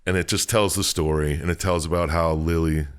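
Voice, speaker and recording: Deep-voiced man recapping a game, laughing. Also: steady tone, clear, resonant tone. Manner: laughs often, retells with quick silly voices. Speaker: podcast co-host recapping a game. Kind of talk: casual chat.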